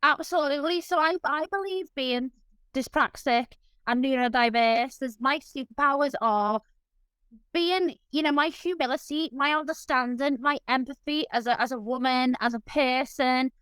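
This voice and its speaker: A woman's voice: sits high, moderate pace, fairly bright tone, clear, resonant tone, no echo, low-quality recording. A woman guest in an interview, talking in an effusive, openly emotional way. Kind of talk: casual interview chat.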